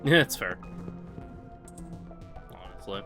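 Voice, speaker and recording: A man's voice: low-pitched, lively intonation, takes it slowly, bright, forceful tone, faint music behind. A man casually commenting on his live-streamed game speedrun, rambling with lots of fillers.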